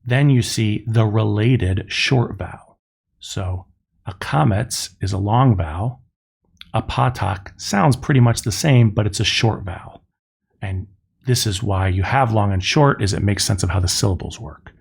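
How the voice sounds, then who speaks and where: A middle-aged man teaching a recorded lesson, explaining step by step and spelling out sounds slowly. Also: lowish voice, gravelly, breathy edge. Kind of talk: recorded classroom lecture.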